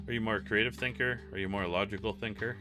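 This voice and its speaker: A man hosting a casual livestream, rambling and telling stories with quick voice impressions. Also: lowish voice, steady tone, music in the background. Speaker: livestream host.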